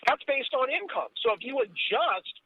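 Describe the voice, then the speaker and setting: A man's voice: very high voice, animated, moderate pace, breathy edge, no echo. A man hosting a casual political talk show, blunt and sarcastic, with swearing. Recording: dull lo-fi recording.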